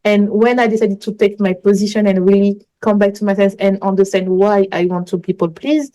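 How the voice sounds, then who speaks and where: A woman's voice: medium pitch, little pitch movement, brisk, dark tone, poor audio. A woman, a coach talking as a guest in a casual interview, telling earnest, rambling stories in English. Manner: earnest, rambling storytelling in non-native English. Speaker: manifestation coach, podcast guest.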